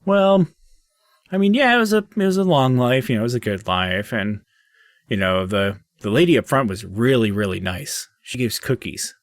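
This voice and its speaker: A man's voice: mid-range voice, sing-song, normal speed, dry recording, studio quality. A man voicing a small, cheerful, elderly male gnome spirit who rambles wistfully about his long life. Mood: chatty, wistful.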